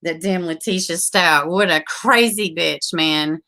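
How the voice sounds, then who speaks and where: A woman's voice: lowish voice, measured pace, pushed and bright. A woman, hosting a casual livestream, chatting with viewers, laughing often and swearing freely. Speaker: livestream host reading viewer comments.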